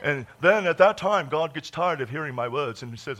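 A man preaching a charismatic sermon in a church, exuberant, bursting into shouts and laughter between calmer teaching. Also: a little high, a little fast. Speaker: pastor.

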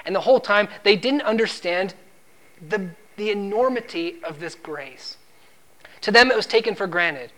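A man's voice: lively intonation, normal speed, a bit bright. A man preaching a sermon, quoting scripture and pressing his points with emphasis. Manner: emphatic, rises in pitch and volume when driving a point; quotes scripture and acts out the servant's lines.

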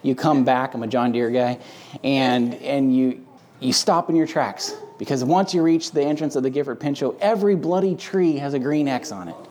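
A man's voice: mid-range voice, normal speed, darkish tone. Emphatic conversational male Bible teacher. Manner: emphatic and conversational, with frequent fillers. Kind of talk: casual teaching chat.

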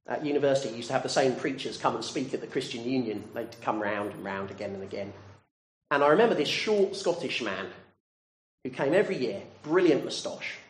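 Male preacher, earnest and questioning; lively delivery, roomy echo on the recording. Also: mid-range voice, a little fast, slight background noise. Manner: earnest, direct questions to listeners. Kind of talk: sermon.

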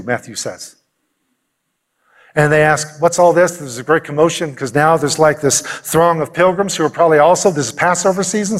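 A man preaching a sermon with a slightly high voice. He tells the story with animation and slips into the voices of the people in it, swinging between loud calls and soft asides. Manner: animated storytelling, acting out quotes. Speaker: pastor.

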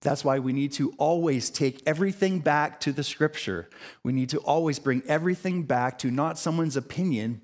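A man preaching a sermon as pastor of a church, repeating phrases for emphasis and mixing in casual slang and short laughs. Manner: preaching with emphatic repetition and rising pitch for emphasis.

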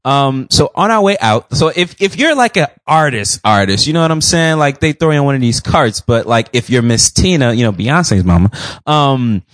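A man on a podcast telling a funny story in casual chat, animated and profane, acting out quotes and laughing often. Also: medium pitch, moderate pace, no room sound, clean studio sound. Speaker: podcast co-host.

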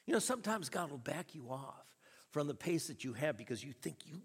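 A man preaching a sermon, telling a story with chuckles and an animated delivery. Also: on the high side, fairly quick, slightly rough. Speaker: pastor. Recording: reverberant hall.

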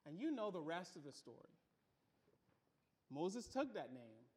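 A man's voice: fairly high pitch, big pitch swings, unhurried, a little mellow, slightly rough. A male pastor preaching a sermon to a congregation, emphatic, building his points through repeated phrases. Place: church room with congregation.

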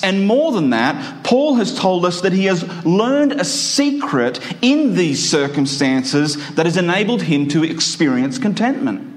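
A man preaching a sermon in a church, emphatic and stretching out his phrases slowly. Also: sits high. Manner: emphatic, with slow drawn-out phrases.

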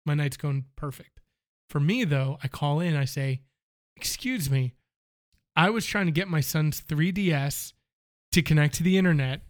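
A man with a voice pitched a little high tells a long story in casual conversation. He is animated and acts out both sides of a phone call as he goes. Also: normal speed. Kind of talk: casual chat.

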